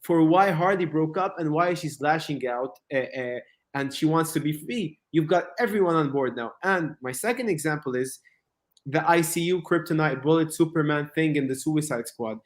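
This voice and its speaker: A man chatting casually on a podcast who argues his point in animated bursts and acts out quotes along the way. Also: fairly high pitch, moderate pace. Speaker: podcast co-host. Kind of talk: casual chat.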